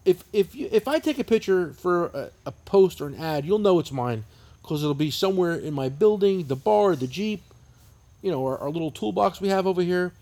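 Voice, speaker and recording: A man's voice: sits high, lively intonation, moderate pace, a little mellow. A man in his fifties with a New Jersey accent, co-hosting a podcast and telling long, profane, rambling stories. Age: 50s. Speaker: podcast co-host. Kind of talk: casual chat.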